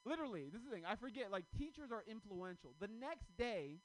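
A man in his thirties doing a stand-up comedy set, telling stories with loud, acted-out quotes. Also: sits high, fast, few pauses, low-quality recording. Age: 30s. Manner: loud, animated storytelling with shouted acted-out quotes.

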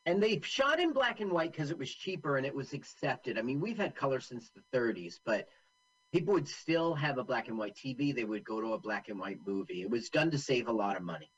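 Husky guy rambling about an old movie, voice bouncing all over, kinda muffled lo-fi audio. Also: medium pitch, animated, a little fast. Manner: chatty, shares film trivia. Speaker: co-host. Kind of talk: casual movie commentary.

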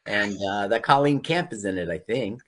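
A man co-hosting a radio show, rambling through casual movie commentary and laughing often. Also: lowish voice. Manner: lively, rambling, quick to laugh. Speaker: radio co-host.

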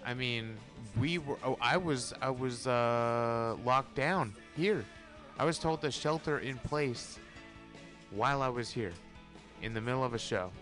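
A man co-hosting a casual talk show, throwing in short quips and halting asides. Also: mid-range voice, fairly bright tone, soft background music. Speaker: podcast co-host. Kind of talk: casual chat.

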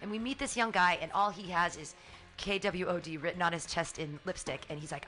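A woman in her forties co-hosts a casual radio show, telling an animated story at a rapid clip. Her voice is bright and forward, she laughs and curses freely, and faint music sits behind her. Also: on the low side. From California. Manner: animated, laughs often, swears casually, acts out her own shouting. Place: small radio studio.

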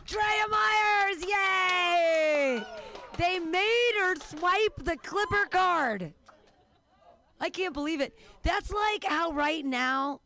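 A woman's voice: very high-pitched, extremely slow, pushed and bright. A woman hosting a comedy show, introducing acts in a loose, giggly way.

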